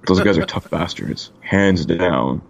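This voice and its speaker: A man's voice: low voice, slow pace, gravelly. A laid-back man from Canada co-hosting a casual podcast, swearing freely and filling his talk with "like.". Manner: laid-back, swears a lot, lots of "like" fillers. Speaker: podcast co-host.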